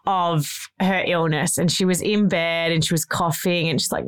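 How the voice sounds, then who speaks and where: A woman co-hosting a parenting podcast, telling lively stories and acting out quotes in casual chat. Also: sits low, brisk, hardly any pauses, smooth. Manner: animated storyteller, acts out quotes. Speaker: podcast co-host.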